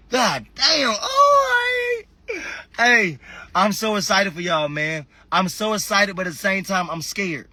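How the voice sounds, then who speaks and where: A man giving a passionate motivational talk on a phone livestream, preachy, shifting between shouting and quiet, emotional asides. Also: sits high, husky, no echo. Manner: impassioned, preachy, swings between shouting and soft. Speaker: fitness motivational speaker.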